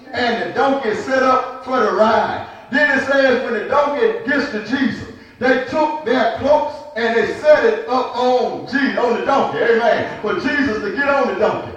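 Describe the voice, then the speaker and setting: A man preaching a sermon in rhythmic, repeated refrains, often shouting and calling out congregation members by name. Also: very high voice, unhurried, highs cut off. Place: church. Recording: very echoey church from a distant mic.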